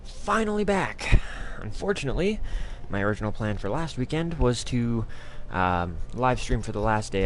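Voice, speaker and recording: Man, very deep voice, gaming streamer, casual live-stream commentary, crude and profane, rambling with fillers. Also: slight background noise.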